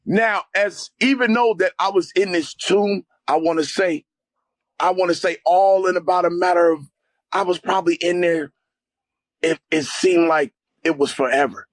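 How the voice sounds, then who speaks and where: A man telling an intense personal testimony as an interview guest, speaking emphatically and rising to near-shouts at dramatic moments. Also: sits high, normal speed, no echo.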